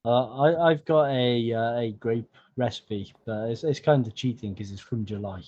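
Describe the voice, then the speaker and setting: Guy on a call, mellow dark voice, halting then steady, muffled lo-fi sound. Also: mid-range voice. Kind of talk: casual live-stream chat. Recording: dull lo-fi call audio.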